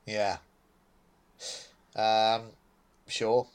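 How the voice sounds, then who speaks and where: A man's voice: fairly low pitch, level tone, extremely slow, clear, resonant tone. A man co-hosting a podcast, chatting casually and sarcastically about a TV episode, often laughing. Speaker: podcast co-host. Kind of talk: casual chat reviewing a TV episode.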